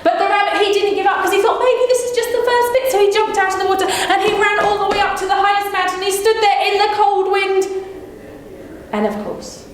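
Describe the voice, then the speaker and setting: A woman's voice: very high-pitched, little pitch movement, a little fast. A woman storyteller performing live for a small audience, playful and teasing. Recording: echoey room with faint hum.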